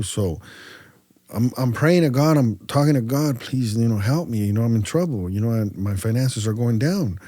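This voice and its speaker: A man from California's Central Valley, a podcast guest telling stories in a casual way, acting out both sides of his conversations with lively voices and often stumbling over and repeating his words. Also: medium pitch, dry recording, studio quality. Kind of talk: casual storytelling.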